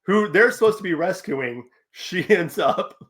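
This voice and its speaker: A man's voice: high-pitched, animated, unhurried, a bit bright. Hesitant man on a podcast. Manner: hesitant, searching for words. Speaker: podcast co-host. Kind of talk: casual podcast discussion.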